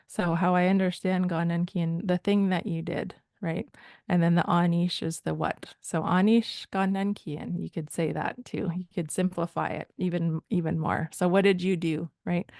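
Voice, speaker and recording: A woman from Rama First Nation in Canada explaining language points in a thoughtful, hesitant way, often pausing to search for words. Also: on the low side, gravelly, a little mellow, no room sound. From Rama First Nation, Ontario, Canada. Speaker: language teacher.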